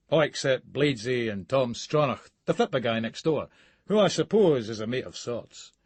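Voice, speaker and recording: A man's voice: medium pitch, dry recording. A man with a Scottish accent reading a first-person novel as an audiobook narrator, coarse, profane and sneering.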